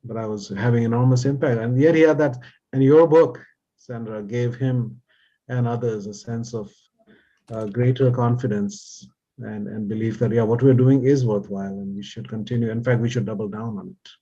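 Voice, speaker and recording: A male business professor telling animated anecdotes in a panel discussion over a video call. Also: mid-range voice, normal speed. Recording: dull lo-fi audio.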